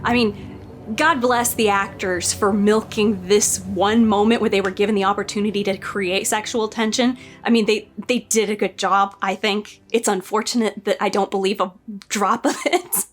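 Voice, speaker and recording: A woman's voice: mid-range voice, fairly even intonation, normal speed, soft background music. A woman casually reviewing a show against the book, sarcastic and exasperated as she reacts.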